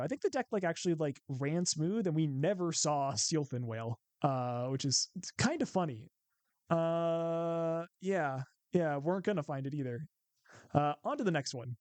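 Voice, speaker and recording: A man's voice: a little high, normal speed, darkish tone, no echo. Chatty Midwestern man calling his plays. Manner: thinking aloud, chatty, counting out plays. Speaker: gameplay commentator. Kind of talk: casual gameplay commentary.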